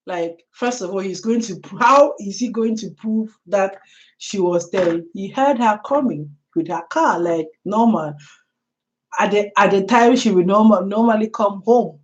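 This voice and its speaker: Woman vlogger chatting to camera, bit high voice, laughs a lot, muffled lo-fi audio. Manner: chatty, laughing, speaks straight to the viewer. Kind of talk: casual storytelling commentary.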